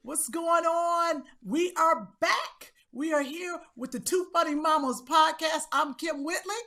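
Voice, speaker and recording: A woman co-hosting a podcast in casual, teasing chat, with a relaxed lilt. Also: very high-pitched, unhurried. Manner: teasing, chatty. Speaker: podcast co-host.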